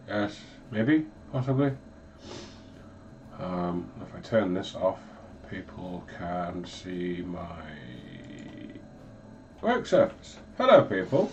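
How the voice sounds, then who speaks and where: A man chats his way through a home painting livestream, his voice stuffed up from illness and sitting low. He rambles and fills pauses with ums, poking fun at himself, over a dull lo-fi mic with a faint hiss behind him. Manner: rambling, self-deprecating, many ums. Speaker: hobby livestream host. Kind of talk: casual livestream chat while painting. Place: hot home hobby room, windows closed.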